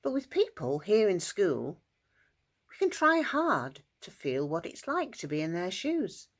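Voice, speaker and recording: A woman narrates a story for young children at a school assembly, her voice low-ish and unhurried. She swings her pitch widely and slips into character voices as she tells it. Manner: expressive, shifts into squeaky character voices and shouts.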